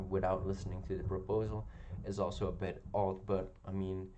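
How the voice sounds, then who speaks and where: A man with a deep, dark voice talks through a television episode in a casual review. His delivery stays fairly flat, and he stops and restarts often, filling the gaps with ums. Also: unhurried, a little hiss or hum. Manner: hesitant, many ums and restarts. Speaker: video reviewer.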